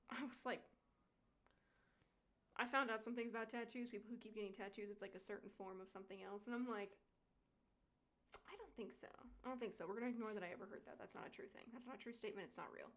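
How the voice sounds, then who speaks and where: A woman's voice: fairly high pitch, a little fast, long pauses, a bit bright. A young woman vlogger chatting casually about her tattoos, full of fillers and swearing. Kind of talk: casual chat.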